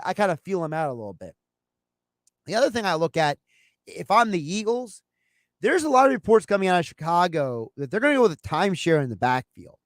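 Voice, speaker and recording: High-voiced man talking sports, dry sound. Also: no echo. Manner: animated, acts out imagined phone calls. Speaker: sports show host. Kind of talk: casual sports talk.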